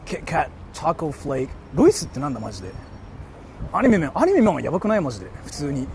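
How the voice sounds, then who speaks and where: A young man live-streams from a city street, rambling through viewer questions and leaning on "like" constantly. His voice sits a bit high. A portable mic picks him up with faint street noise behind. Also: wildly swooping pitch, very fast, a little mellow. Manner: rambling, heavy use of "like".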